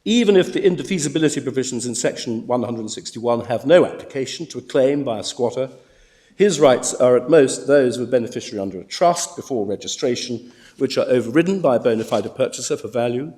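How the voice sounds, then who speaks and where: A man in a courtroom, addressing the judges as a barrister in formal legal submissions, measured but often stumbling into restarts. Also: mid-range voice, expressive, dark tone. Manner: measured, with frequent stammered restarts.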